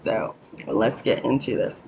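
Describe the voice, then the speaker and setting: A woman hosting her own channel, giving a rambling spiritual teaching in a hoarse morning voice from a cold room, often stopping to thank the Holy Spirit. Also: sits low, lively intonation, fairly quick, noisy background. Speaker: channel host.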